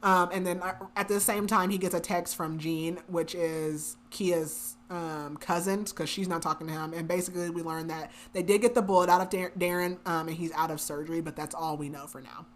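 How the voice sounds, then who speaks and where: A woman's voice: lowish voice, fairly even intonation, brisk, few pauses, slight background noise. A young woman on a book podcast, casually recapping the plot with lots of fillers and frequent laughter. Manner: chatty, filler-heavy, laughs often. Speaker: podcast co-host.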